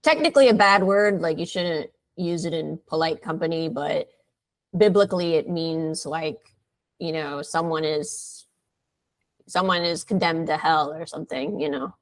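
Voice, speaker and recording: A woman's voice: low-pitched, normal speed. A woman tutoring English vocabulary, explaining patiently with many fillers. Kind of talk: slow, careful vocabulary teaching.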